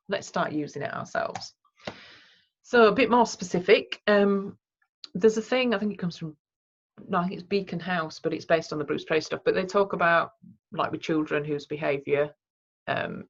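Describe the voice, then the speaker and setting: Low-voiced woman giving a training talk. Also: lo-fi sound. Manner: conversational, demonstrates example phrases.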